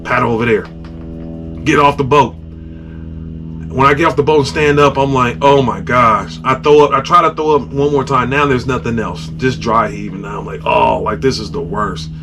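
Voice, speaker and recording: A man hosting a podcast, casually telling a story and acting out his own groans, shouts and sound effects. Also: mid-range voice, a little fast, music in the background. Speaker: podcast host.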